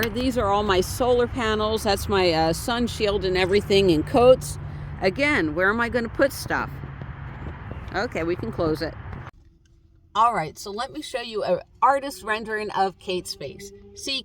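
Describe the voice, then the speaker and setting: A woman's voice: mid-range voice, fairly bright tone, slight background noise. A woman vlogging casually from inside her camper van, thinking aloud and meandering with lots of uh and um fillers. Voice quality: voice others compare to a chatty cartoon fish. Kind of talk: casual rambling chat to camera.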